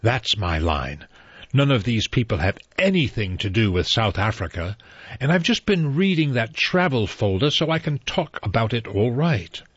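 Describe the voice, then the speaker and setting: A man's voice: medium pitch, sing-song, moderate pace, a bit bright, slightly rough, dry recording. A man voicing a wary middle-aged male detective who mutters clipped, plain remarks to himself, in a dull, dry recording. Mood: muttering.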